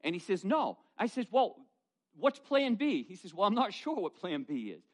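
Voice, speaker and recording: A middle-aged male pastor preaching a sermon, telling folksy personal stories in an animated way. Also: sits high, moderate pace. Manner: storytelling, animated, folksy asides.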